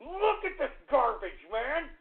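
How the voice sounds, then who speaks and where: A man's voice: extremely high pitch, big pitch swings, slow, vocal fry. A man hosting a radio talk show, ranting in an agitated, swearing, stammering way. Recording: tinny phone-like radio audio.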